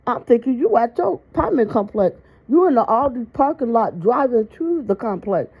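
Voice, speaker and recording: A sassy woman, talking straight to her viewers in casual reaction commentary. Her voice sits a little high, and her exasperation comes through plainly. The recording sounds dull and lo-fi. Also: very animated, moderate pace, slightly rough.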